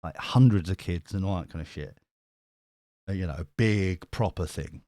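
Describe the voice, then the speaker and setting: A man's voice: deep voice, moderate pace, mellow, no room sound, studio quality. A middle-aged man telling a rambling story on a live stream, full of restarts and casual swearing. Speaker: tarot reader and live streamer.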